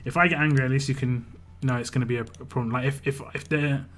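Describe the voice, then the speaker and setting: A man's voice: mid-range voice, fairly even intonation, quick pace, fairly bright tone. Laid-back English man chatting on stream. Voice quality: big, laid-back presence. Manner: rambling storytelling, frequent restarts and chuckles. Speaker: game livestreamer. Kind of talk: casual stream chat.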